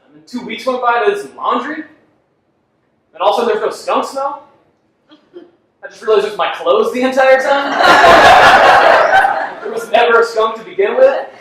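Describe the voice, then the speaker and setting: A man's voice: very high voice, lively intonation, moderate pace, pauses often. A man performing a self-deprecating stand-up comedy set, laughing at his own jokes on a club stage. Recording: echoey club from far off with faint noise.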